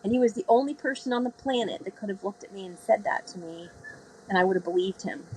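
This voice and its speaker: In this rough recording with slight background noise, a sailor appearing as an interview guest spins a vivid tale, performing each quoted voice. Her pitch is medium and her pace quick.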